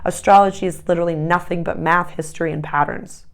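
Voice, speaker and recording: A woman's voice: on the low side, fairly even intonation, fast, gravelly. A woman talking casually and enthusiastically as an astrologer and tarot reader, emphatic and prone to rambling asides. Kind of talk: casual spiritual vlog talk.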